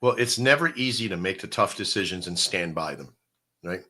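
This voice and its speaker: A man with a low-pitched voice that still sounds bright and forceful. He explains things in an animated, conversational way and keeps checking in with his listeners. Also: brisk. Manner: animated, explaining with rhetorical "right?". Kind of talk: casual live-stream chat.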